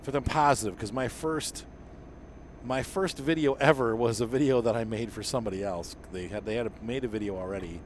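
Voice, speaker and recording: A man's voice: medium pitch, brisk, a little hiss or hum. A middle-aged man hosting a gaming channel, telling a meandering story in a casual monologue full of fillers and self-corrections.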